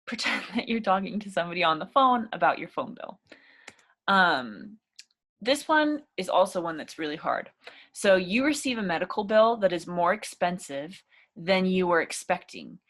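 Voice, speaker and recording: A young woman talks through an English speaking lesson in a relaxed, chatty way. She encourages the viewer warmly and fills her sentences with easy fillers. Her pitch sits in a middle range. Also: moderate pace. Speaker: English teacher. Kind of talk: casual spoken lesson.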